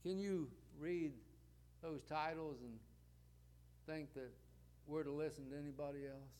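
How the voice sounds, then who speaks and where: A man's voice: fairly high pitch, fairly even intonation, unhurried, darkish tone. A man preaching a sermon, building points with rhetorical questions and repeated parallel phrases.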